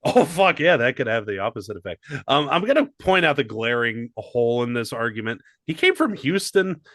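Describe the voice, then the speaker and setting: A man's voice: medium pitch, very animated, fairly quick, a bit bright, no echo. A man co-hosting a casual comedy sports podcast, wry and casually profane. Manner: dry, wry, swears casually. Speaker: podcast co-host.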